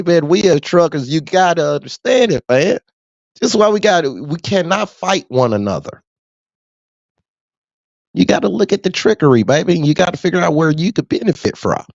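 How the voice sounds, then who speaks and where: Animated trucker man, lively pitch. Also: gravelly, dry recording. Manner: animated, street slang, frequent laughs. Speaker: truck driver. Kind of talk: casual rant to camera. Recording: dull dry lo-fi sound.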